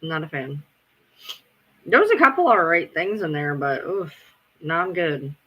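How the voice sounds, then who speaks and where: A man's voice: on the high side, very animated, unhurried, slightly rough, highs cut off. A man chatting casually on a live stream, rambling, swearing freely and answering his chat as he goes.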